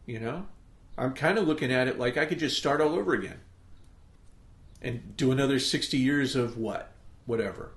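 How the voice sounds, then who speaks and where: A man's voice: mid-range voice, normal speed, long pauses, echoey room. A middle-aged man hosting a podcast, giving an emphatic motivational monologue that he punctuates with "okay?" check-ins. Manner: emphatic, pep-talk delivery with frequent "okay?" check-ins. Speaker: podcast host.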